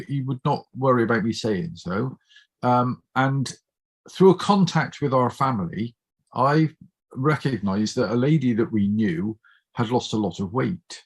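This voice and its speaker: A man's voice: mid-range voice, slightly rough. A middle-aged man with a Bristol accent, chatting openly as a guest and telling personal stories in an anecdotal way. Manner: chatty, anecdotal, open and warm-hearted. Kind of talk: casual storytelling chat.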